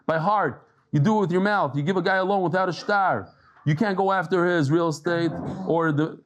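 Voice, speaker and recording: A man with a somewhat high voice teaches a daily Talmud lesson. He talks in a loose, conversational way, tells stories and jokes, and drops Hebrew and Aramaic terms into his English. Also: brisk, slight background noise. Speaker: Talmud lecturer.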